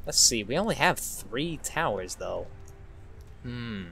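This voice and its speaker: Animated young-sounding man playing a video game. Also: medium pitch, takes it slowly, creaky, a little hiss or hum. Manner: animated, jokey, exclaims at the game. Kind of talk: let's-play commentary.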